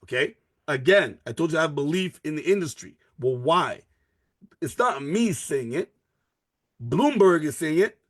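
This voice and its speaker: A man's voice: normal speed, dry recording. A man giving a live online sales presentation for a network marketing business, pushing hard and repeating his key lines. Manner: energetic, pushy sales pitch with repeated phrases. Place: at a computer, sharing his screen in a live video call.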